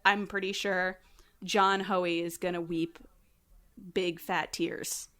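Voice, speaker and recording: A woman guest on a casual podcast, telling a story with animated energy and acting out quotes in a raised voice. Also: on the low side, slow pace.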